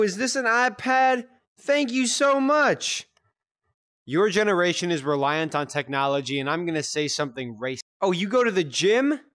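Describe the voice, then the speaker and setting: A performer doing a grumpy older adult, sarcastic and mock-sweet, whose pitch leaps up and down in a lively sing-song. The voice sits close and dry, with little room sound around it. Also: no echo. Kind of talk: comedy skit.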